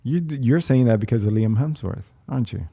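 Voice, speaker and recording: A man's voice: medium pitch, expressive, a little fast, vocal fry, warm tone, husky. A man chatting casually as a podcast guest, friendly and laughing, often stammering and restarting.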